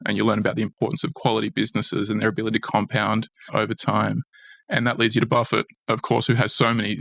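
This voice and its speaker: An Australian man in his forties, a fund manager speaking in a podcast interview in a measured, reflective way that often restarts. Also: on the low side, creaky, bright, forceful tone, no echo. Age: 40s.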